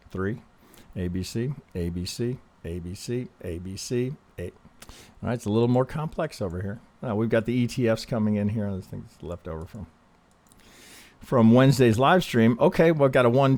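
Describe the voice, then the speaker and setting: A man hosting casual chart analysis, speaking in a calm, reassuring way, often restarting sentences and checking in with "right?". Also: medium pitch. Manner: conversational, frequent restarts, ends thoughts with "right?". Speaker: trading analyst host.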